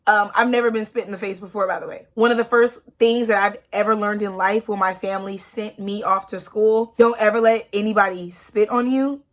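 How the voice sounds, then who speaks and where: A woman's voice: medium pitch, fairly even intonation, brisk, hardly any pauses. Woman telling a raw personal story. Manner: emotional, frank storytelling with many "like" fillers. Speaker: vlogger. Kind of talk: storytime vlog.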